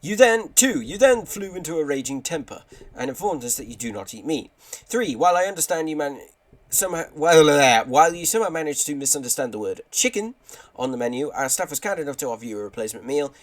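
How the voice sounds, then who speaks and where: A man reading a letter in a high, prim voice as an exasperated shop manager. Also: animated, quick pace, lightly acted. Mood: haughty. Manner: haughty, exasperated, high put-on voice.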